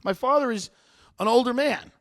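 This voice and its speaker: A man's voice: very high voice, moderate pace. A man in his thirties, a podcast host telling a comic story and acting out the people in it. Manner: animated, acts out people in the story. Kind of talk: comedic storytelling.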